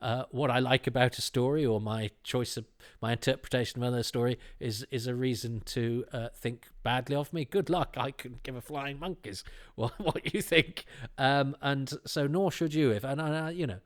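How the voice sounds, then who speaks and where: A man's voice: medium pitch, normal speed. Rambling man hosting a podcast. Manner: rambling and self-deprecating, many fillers and restarts. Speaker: podcast host. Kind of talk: casual chat.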